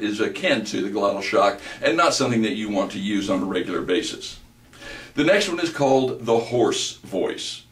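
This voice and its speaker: A man with a deep bass voice giving a measured, explanatory lecture on vocal delivery. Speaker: voice instructor. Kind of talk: recorded lecture with vocal demonstrations. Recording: roomy, distant mic.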